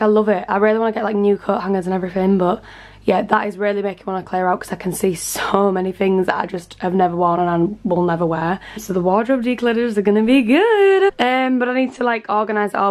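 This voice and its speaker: A woman's voice: mid-range voice, fast, a little mellow. Young woman, British accent, chatty and upbeat, casual home vlog, handheld phone. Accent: British English. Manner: chatty, upbeat, rambling with fillers. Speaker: vlogger. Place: bedroom at home, indoors.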